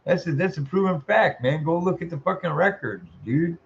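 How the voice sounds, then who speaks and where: A man in his sixties with a voice he calls squeaky, ranting bluntly and swearing a lot as he comments. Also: expressive, normal speed, gravelly. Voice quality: self-described squeaky voice. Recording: muffled lo-fi audio.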